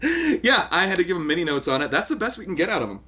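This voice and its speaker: A man hosting a casual comedy commentary chat, trading laid-back banter with quick laughs. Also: sits high, big pitch swings, pushed and bright, breathy edge. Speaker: show host and writer.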